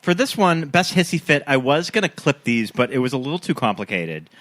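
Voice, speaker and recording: A man's voice: mid-range voice, big pitch swings, a little fast, fairly bright tone. Chatty male podcast host. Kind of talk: casual podcast chat.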